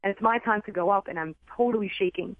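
A woman and former teacher, a guest in an interview, telling her personal story in an earnest, excitable way over the telephone. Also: medium pitch, fast talker, no echo. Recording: tinny phone line, dry.

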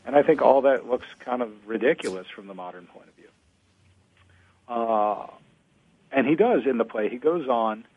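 Husky man on a thin, phone-like line. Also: mid-range voice, brisk. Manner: storytelling, animated retelling of a play. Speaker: scholar discussing ancient drama. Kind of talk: conversational discussion.

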